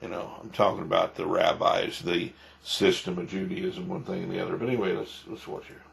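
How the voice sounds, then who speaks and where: Gravelly-voiced preaching pastor. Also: male voice, deep voice, little pitch movement, fairly quick. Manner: emphatic, repeats himself, rhetorical questions. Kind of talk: preaching commentary.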